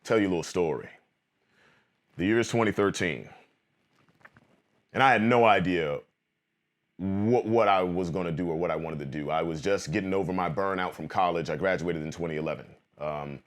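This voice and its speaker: A man in his thirties telling a personal story in an animated vlog monologue, acting out old conversations. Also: low voice. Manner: animated, quotes friends in acted-out bits. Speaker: vlogger.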